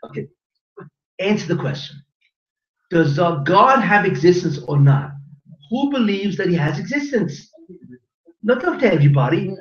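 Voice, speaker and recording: A man teaching a class as a rabbi, animated and joking, quizzing his audience with questions. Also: high-pitched, normal speed. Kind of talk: lively Torah class lecture. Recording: roomy lo-fi recording from a distance.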